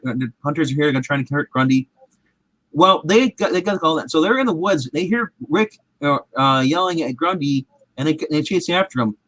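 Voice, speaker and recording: A man's voice: a little high, fairly bright tone, no echo, rough recording. A man recapping a show in casual, rambling chat, acting out quotes in different voices. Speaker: comic show recap host.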